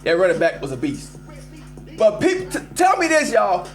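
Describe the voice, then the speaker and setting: Male call-in host, very high voice, emphatic and animated, faint music under him. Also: moderate pace. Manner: animated, emphatic, addresses listeners as y'all. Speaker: host of a live call-in show. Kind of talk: casual sports rant.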